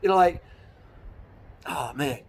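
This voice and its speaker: This YouTuber speaks slowly in a fairly high, creaky, husky voice that's a little mellow. On a cold evening in the hills he launches into a blunt, meandering motivational rant, full of swearing and laughter at his own jokes.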